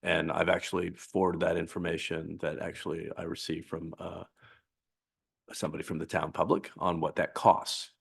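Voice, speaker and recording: A commissioner at a public meeting giving blunt feedback, with a dry, sarcastic streak. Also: male voice, deep voice, monotone, normal speed, vocal fry, husky.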